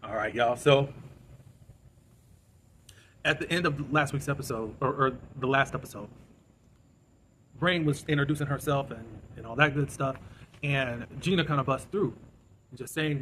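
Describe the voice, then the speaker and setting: Male channel host, casual recap delivery, middle pitch, slight background noise. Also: a bit bright. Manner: chatty, retells scenes with "da, da, da" and quick asides.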